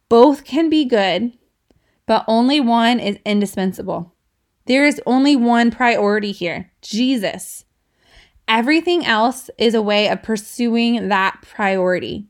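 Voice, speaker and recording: A woman's voice: a little high, lively intonation, measured pace. A woman in her thirties hosting a casual devotional podcast, chatty and laughing often, checking in with listeners as she teaches. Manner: chatty, asks listeners "right?", laughs between points. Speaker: podcast host.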